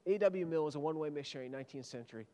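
A man preaching a sermon with dramatic storytelling, swinging between loud emphatic peaks and hushed, almost whispered lines. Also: a little high, very fast. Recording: long hall reverb.

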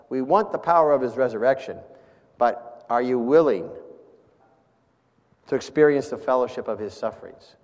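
A man preaching a sermon and reading scripture aloud, then closing in prayer, moving between loud emphasis and quiet, soft passages. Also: mid-range voice, lively intonation, moderate pace. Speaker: pastor. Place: church sanctuary. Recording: long reverb of a church hall.

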